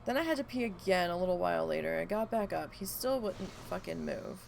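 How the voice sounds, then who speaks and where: A woman's voice: on the low side, a little fast, vocal fry, slight background noise. A woman streamer chatting casually and telling a rambling story, acting out the lines she quotes. She sounds stuffy and is losing her voice from allergies. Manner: rambling storyteller, animated when quoting her dog. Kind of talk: casual chat during a live game stream.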